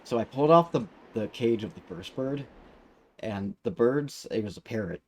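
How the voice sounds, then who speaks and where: A man's voice: medium pitch, lively intonation, normal speed. A man streaming a video game, telling a rambling story with fillers and restarts. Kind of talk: casual let's-play chat.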